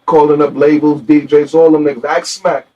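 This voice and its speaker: A man's voice: fairly high pitch, level tone, fairly quick, far from the mic, muffled recording. A man from Queens, New York, telling street stories as a guest in a heated interview, in slangy, defiant talk.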